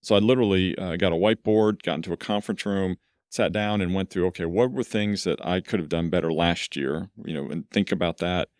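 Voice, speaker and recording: Man, middle-aged, very deep voice, rambling storyteller, podcast guest, dry close sound. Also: a little fast, darkish tone, dry recording. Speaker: law firm CEO, podcast guest. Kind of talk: conversational interview.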